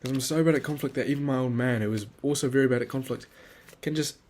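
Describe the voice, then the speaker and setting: A man's voice: medium pitch, fast talker, a little mellow. A young man in a casual spoken journal, rambling crudely and criticizing himself while planning his day. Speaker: vlogger.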